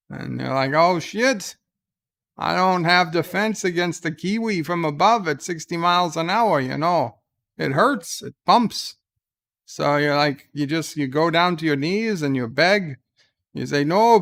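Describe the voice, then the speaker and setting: A man doing a rambling outback Australian tall-tale teller with a broad mock accent. The voice runs a touch high and stays smooth and clean while the yarn winds on. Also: fairly bright tone, heavily acted. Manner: exaggerated, rambling yarn-spinning.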